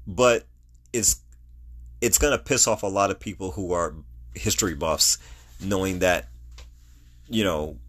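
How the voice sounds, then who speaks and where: A middle-aged man hosting a podcast, giving casual solo movie commentary in an animated, ranting way and laughing at his own jokes. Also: on the low side. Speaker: podcast host.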